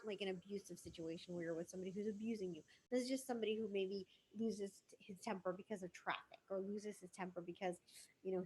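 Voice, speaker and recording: A woman's voice: medium pitch, darkish tone, slight background noise. A woman who works as a psychic, giving relationship advice in a casual, reassuring livestream talk full of fillers. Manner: chatty and reassuring, with many fillers.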